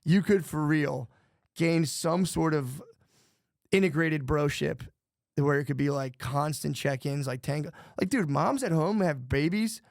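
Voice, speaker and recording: A man's voice: on the high side, unhurried, gravelly, no echo, studio quality. A man in casual podcast chat, rambling and swearing, saying "dude" all the time. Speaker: podcast guest.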